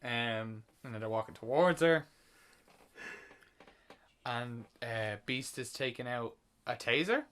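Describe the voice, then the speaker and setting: A man's voice: mid-range voice, slow, long pauses, a bit bright, slight background noise. A man co-hosting a podcast, casually retelling and ranting about a film he reviews, swearing when worked up. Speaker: podcast co-host. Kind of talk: casual movie review chat.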